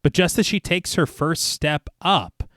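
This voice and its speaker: A man co-hosting a horror podcast recaps a film's plot scene by scene, narrating at length in a lively way. His voice is a little high and unhurried, and the studio-quality recording has no echo.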